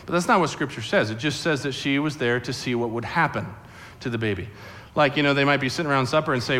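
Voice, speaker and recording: A man preaching a sermon in a church sanctuary, animated and storytelling, often speaking directly to the children. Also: mid-range voice, fast talker. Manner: animated storyteller acting out voices, addressing kids. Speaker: pastor. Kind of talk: sermon to a family congregation.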